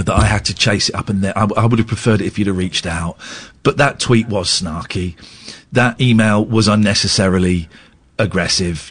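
A man's voice: low-pitched, husky. A middle-aged man, hosting a radio phone-in and telling a candid, rambling, self-deprecating story, with stammered restarts. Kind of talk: candid talk-radio monologue.

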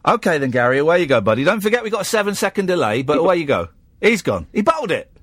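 A man's voice: a little high, sing-song, racing, fairly bright tone, no echo. A man with an English accent hosting a late-night radio phone-in, rambling and teasing with lots of stammered restarts. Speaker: radio host. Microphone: studio microphone.

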